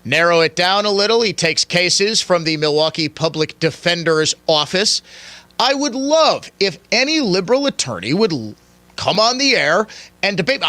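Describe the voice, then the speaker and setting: A man's voice: high-pitched, big pitch swings, normal speed, pushed and bright, no room sound. A man hosting a radio talk show, delivering a heated, combative political monologue. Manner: fiery, combative, challenging the listener.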